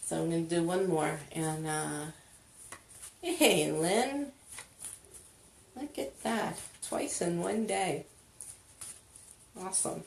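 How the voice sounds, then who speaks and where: Slow, low-voiced woman healer in an echoey room. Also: creaky, a little hiss or hum. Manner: chatty, slow, greets viewers, laughs often. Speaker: energy healer leading a live session. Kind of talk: live-stream money clearing session.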